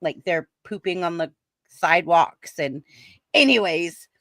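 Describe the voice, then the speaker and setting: Animated middle-aged woman telling a story. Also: lowish voice, a little slow, no room sound, clean studio sound. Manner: animated storyteller who mimics sounds. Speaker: storyteller on a chat show. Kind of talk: casual chat.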